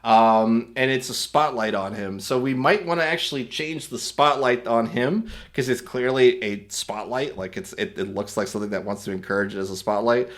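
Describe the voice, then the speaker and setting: Casual, rambling male tutorial host of medium pitch who corrects himself as he explains. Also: normal speed, few pauses, a bit bright. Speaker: host demonstrating an AI video tool. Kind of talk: casual screen-recorded tutorial.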